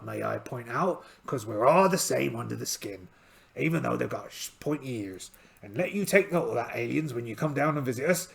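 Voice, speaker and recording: A man's voice: mid-range voice, animated, normal speed, vocal fry. A man narrating a solo tabletop game in a chatty, self-amused way, adding playful asides as he rolls dice.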